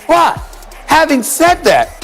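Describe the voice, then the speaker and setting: A middle-aged man hosting a heated sports debate, loud and theatrical, repeating himself and hamming up his emotions. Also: very high-pitched, wildly swooping pitch, slow pace, faint music behind.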